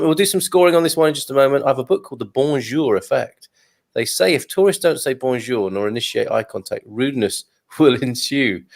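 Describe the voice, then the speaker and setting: Chatty male host, jokey, reading viewer comments aloud. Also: mid-range voice. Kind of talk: casual live-stream chat.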